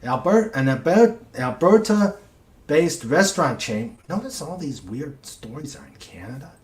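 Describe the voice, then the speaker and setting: Slow-talking man reading odd news, echoey. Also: on the high side, big pitch swings. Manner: slow, reads news items aloud with asides. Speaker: host. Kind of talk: casual chat.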